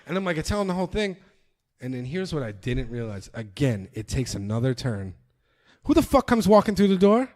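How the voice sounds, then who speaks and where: A young man from New York telling a story on a podcast, with a fairly high voice. He swears freely and gets animated, acting out the people in it as he goes. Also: brisk. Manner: animated, profane, acts out voices. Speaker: podcast guest. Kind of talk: casual storytelling.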